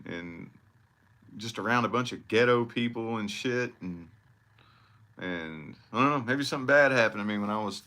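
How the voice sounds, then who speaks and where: A man's voice: fairly low pitch, pushed and bright. A man from southern Indiana with a slight country twang, giving a rambling, profane casual monologue on his vlog. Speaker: vlogger.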